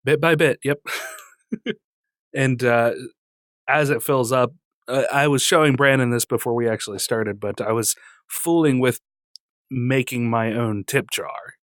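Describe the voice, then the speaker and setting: Male podcast host, easygoing, lots of laughs and fillers, mid pitch, dry close mic. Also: steady tone, measured pace, pauses often, no echo. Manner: laughs often, trails off with fillers. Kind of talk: casual chat.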